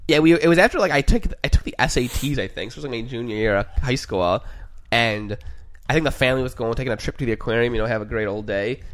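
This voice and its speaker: A man's voice: medium pitch, fast talker. A young man co-hosting a podcast, telling stories in a casual chat and laughing often. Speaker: podcast co-host.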